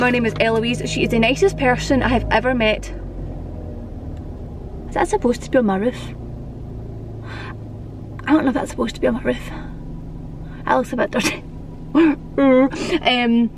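A young woman from Scotland chatting casually to the camera in a vlog, joking with herself as she drives around and shows her home. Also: fairly high pitch. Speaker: vlogger.

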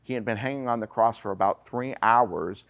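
A man pastor preaching a sermon in an earnest way, with slow dramatic pauses and some fillers. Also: lowish voice, a bit bright.

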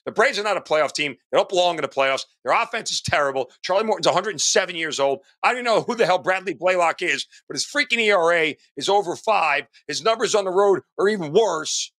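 A man's voice: sits high, expressive, fast, hardly any pauses, fairly bright tone, no room sound. A man co-hosting a sports betting show, ranting in exasperation and swearing, tagging lines with "okay?".

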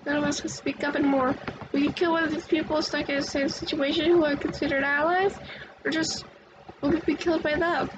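Young woman, high voice, amateur fan dubber trading quick lines; noisy home recording. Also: steady tone, dull audio. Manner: quick reactive lines, swears often. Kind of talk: amateur fan voice dub, reading several roles.

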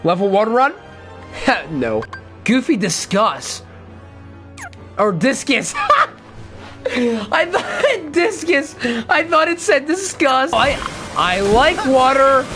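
Giddy high-voiced woman streaming a game. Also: takes it slowly, pauses often. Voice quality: high, lively voice that jumps into shouts and laughs. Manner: gushing and giddy, laughing at herself. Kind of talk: excited gameplay commentary. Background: game music.

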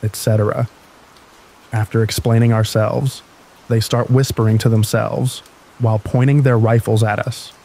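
A man narrating scary stories in an even, slow, soothing bedtime reading style. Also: fairly low pitch, creaky, poor audio. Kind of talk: calm scripted storytelling narration.

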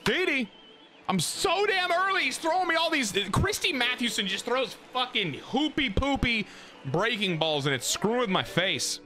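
High, lively, excitable male gamer. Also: normal speed, faint music behind. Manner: excitable, profane trash talk. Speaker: gaming YouTuber. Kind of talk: live gameplay commentary.

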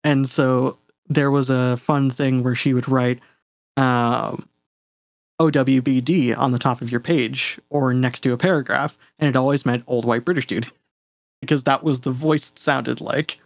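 A man's voice: medium pitch, fairly even intonation, a little slow, dry recording. A man with a Canadian accent, a game designer chatting as a guest, easygoing and full of fillers and little laughs. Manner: chatty, laughs often, many fillers and restarts. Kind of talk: casual fireside chat.

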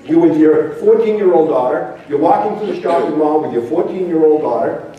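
An older man, a former teacher, giving a storytelling talk to parents, often dropping low and quiet to act out what people say. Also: fairly quick, lo-fi sound. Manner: storytelling, acts out quotes, drops low and quiet for emphasis. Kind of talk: speech to an audience. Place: large hall with an audience. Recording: very echoey hall, voice from far off.

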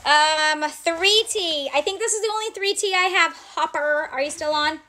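A woman's voice: very high-pitched, normal speed, sharp tone. A woman hosting a casual live clothing sale, chatting to viewers and reading out sizes and prices. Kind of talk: casual live-stream selling chat.

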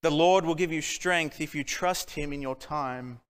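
An Australian man preaches a sermon in an unhurried, bright, high voice whose tone is smooth and resonant. He speaks earnestly, driving his point home with rhetorical questions, and each phrase trails off in the long reverb of the church hall.

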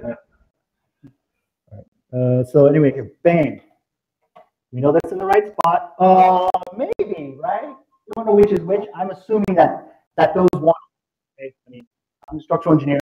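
A man giving an excitable live software demo to a class, full of exclamations and sound effects. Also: fairly high pitch. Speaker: presenter. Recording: dull lo-fi presentation recording.

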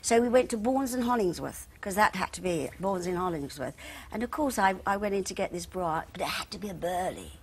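A woman, a TV interview guest who tells gossipy stories full of quick asides and "you see". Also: fairly low pitch, animated, slight background noise. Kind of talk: chatty TV studio interview. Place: TV studio sofa.

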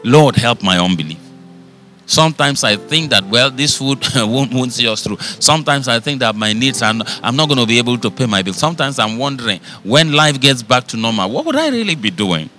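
A man preaching a sermon as pastor, fervent, his loudness swelling and falling. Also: mid-range voice, expressive, a little fast, few pauses, faint music behind.

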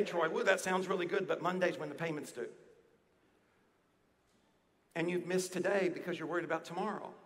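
A man preaching a sermon as pastor, swinging between emphatic near-shouts and hushed, low-spoken passages, repeating key phrases for effect. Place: church auditorium. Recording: long reverb of a large hall.

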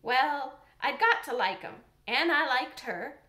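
A woman's voice: high voice, lively intonation, slow, exaggerated voice. A woman voicing a grumpy old gardener man. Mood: grudging. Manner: loud, blunt country speech. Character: gruff old male gardener, grumbling and cross. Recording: roomy echo.

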